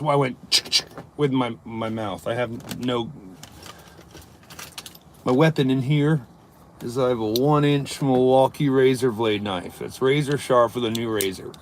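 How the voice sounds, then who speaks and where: A service plumber chats casually on a live stream from inside his work van, reading viewer comments aloud and joking loosely. His voice is mid-range, with a little hiss or hum in the audio.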